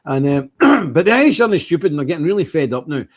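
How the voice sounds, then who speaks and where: A man's voice: a little high, big pitch swings, quick pace. A man hosting a livestream, talking in a blunt, emphatic, repetitive way. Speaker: streamer host. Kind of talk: casual livestream monologue.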